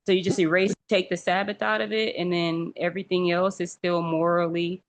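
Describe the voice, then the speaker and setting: A woman talking casually in a religious discussion group, animated and acting out what other people say. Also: on the low side, brisk. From rural area. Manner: animated, acts out quoted remarks.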